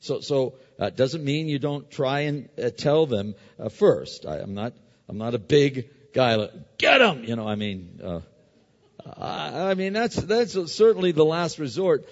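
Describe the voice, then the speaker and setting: A man's voice: mid-range voice, lively intonation, unhurried, darkish tone. A middle-aged man preaching a sermon in a conversational style, with stories and frequent restarts. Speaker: pastor. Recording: dull recording with long hall reverb.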